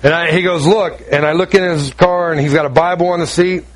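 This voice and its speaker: A middle-aged man preaching a sermon, telling a personal story and acting out the dialogue with lively shifts in delivery. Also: a little high, fairly quick. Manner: animated storytelling, acts out dialogue.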